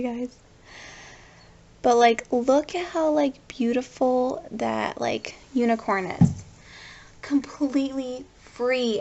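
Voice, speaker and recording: A woman with a fairly high voice gives a tarot reading to her viewers. She gushes over each card and talks to them directly. The sound is a little dull and lo-fi. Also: gravelly. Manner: effusive, gushing, talks straight to viewers. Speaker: tarot reader.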